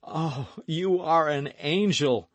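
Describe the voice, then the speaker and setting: A man's voice: medium pitch, big pitch swings, a little slow, no echo, pitched above the performer's own voice. A man reading an audiobook voices a passionate, rash young swordsman who speaks in impassioned exclamations. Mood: ardent.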